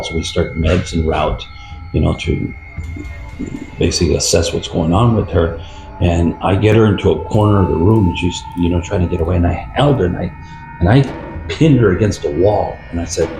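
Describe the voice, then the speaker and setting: Gravelly low-voiced older man telling a story. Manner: rambling, halting retelling with many fillers. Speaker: retired police officer guest. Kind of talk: storytelling interview. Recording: roomy echo with faint music.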